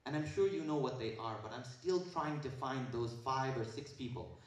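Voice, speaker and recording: A man's voice: mid-range voice, moderate pace, distant mic. Man speaking in an echoey hall. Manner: lively, jokey, swings from loud to hushed. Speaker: guest speaker at a school. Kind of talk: animated motivational talk to students.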